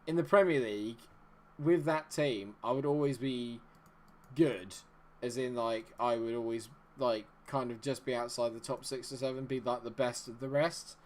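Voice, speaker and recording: A young man giving casual, rambling commentary while he plays a football management game, with excitable bursts. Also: medium pitch, moderate pace. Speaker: gaming video host.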